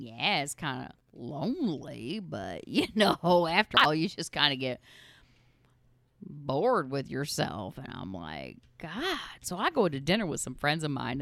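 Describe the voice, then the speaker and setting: A woman's voice: low-pitched, vocal fry, pushed and bright, no echo, clean studio sound. A woman in her forties hosting a podcast, telling crude comic stories and laughing often. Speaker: podcast host. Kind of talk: casual comedic storytelling.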